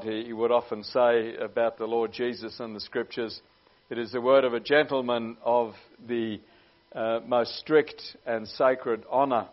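A man preaching a sermon in an earnest way, often pausing with "uh" as he goes. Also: mid-range voice. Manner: earnest, with many "uh" pauses. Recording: dull lo-fi recording.

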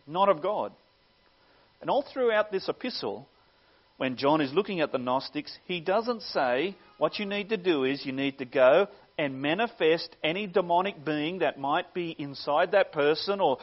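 A male pastor preaching a sermon earnestly, swelling louder on key phrases and dropping low at their ends. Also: highs cut off.

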